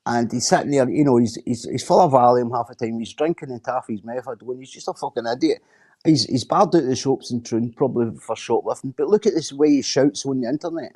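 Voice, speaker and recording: A man's voice: mid-range voice, brisk, mellow. A Scottish man in casual chat on a stream, blunt, sweary and repeating himself as he rants.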